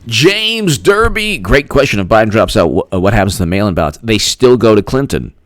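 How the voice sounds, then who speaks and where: Brief: male stream host, low-ish voice, rambling and chuckling, thanks chatters by name. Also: animated, fast, no echo, studio quality. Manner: rambling, laughs often, thanks viewers by name. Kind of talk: live-stream political commentary.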